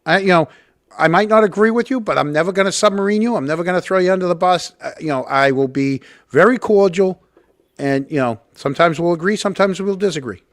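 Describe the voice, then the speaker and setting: A man's voice: high voice, fast talker, no echo, studio quality. A man hosting a podcast in casual chat, telling rambling stories and laughing often. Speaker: podcast host.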